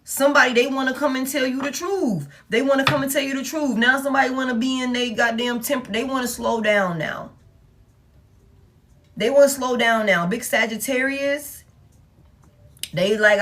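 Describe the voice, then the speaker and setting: A woman's voice: medium pitch, fairly quick. Blunt, profane woman reading tarot. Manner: blunt and profane, with emphatic repetition. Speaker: tarot reader. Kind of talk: casual tarot reading monologue.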